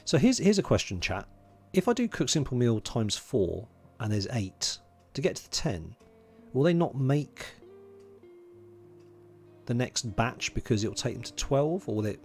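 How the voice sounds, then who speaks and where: A man's voice: medium pitch, big pitch swings, unhurried, a little mellow, slightly rough, faint music behind. A man from London, streaming a game, chatting casually, muttering to himself while he plays and greeting viewers in chat. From England (London). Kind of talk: casual livestream commentary.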